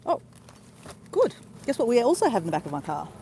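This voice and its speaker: A woman's voice: fairly high pitch, wildly swooping pitch, a little fast, noisy background. A woman chatting casually to viewers as she vlogs a beach walk, talking into her phone camera. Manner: chatty, addresses viewers as "guys". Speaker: vlogger. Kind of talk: casual live-stream vlog. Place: outdoors by a beach and car.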